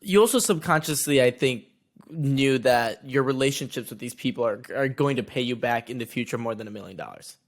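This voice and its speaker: A man co-hosting a podcast, chiming in with casual comments. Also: medium pitch. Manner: casual, quick reactions. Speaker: podcast co-host. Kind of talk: casual interview.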